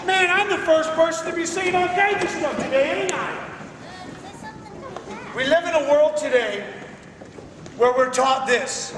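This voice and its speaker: A man's voice: extremely high pitch, a little slow, long pauses, background noise. A man giving a motivational talk to a room of schoolchildren, preachy and emphatic, with streetwise slang and questions thrown at the crowd. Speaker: motivational speaker. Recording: echoey hall recorded from far off.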